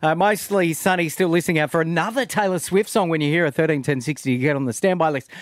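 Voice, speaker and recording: A man co-hosting breakfast radio, reading promos briskly. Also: fairly high pitch, no room sound, studio quality. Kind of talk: radio announcement.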